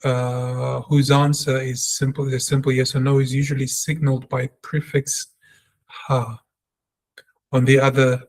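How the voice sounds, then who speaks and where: A man teaching a language lesson, reading example sentences aloud and explaining them step by step, repeating sounds for practice. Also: mid-range voice. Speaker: Hebrew teacher.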